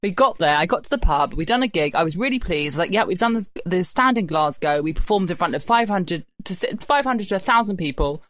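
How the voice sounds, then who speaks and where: A woman in her thirties co-hosting a podcast, telling stories in a brisk, dry way and swearing for comic effect. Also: fairly low pitch, expressive, no echo. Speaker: podcast co-host. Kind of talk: casual chat.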